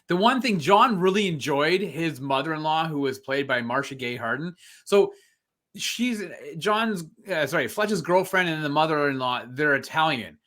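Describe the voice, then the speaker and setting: A man's voice: fairly high pitch, animated, normal speed, a bit bright. A man hosting a podcast, chatting casually and animatedly about a movie, rambling and laughing often. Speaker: podcast host. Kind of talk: casual movie review chat.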